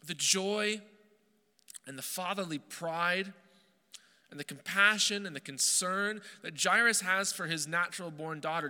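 A male pastor preaches in a high, very bright voice that rings through a reverberant hall. He is earnest and emphatic, slowing on key phrases and restarting words as he goes. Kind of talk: sermon.

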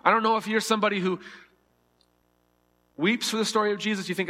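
A man's voice: high-pitched, fairly even intonation, fast, pushed and bright, in a large hall. A man preaching a sermon, earnest and vivid, acting out the scripture dialogue with shifting emphasis. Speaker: pastor.

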